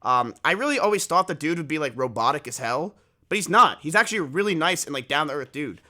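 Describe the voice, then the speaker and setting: Young male streamer, high-pitched, swearing, animated storyteller. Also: quick pace. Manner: animated, swearing, self-mocking. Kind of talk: casual storytelling to stream chat.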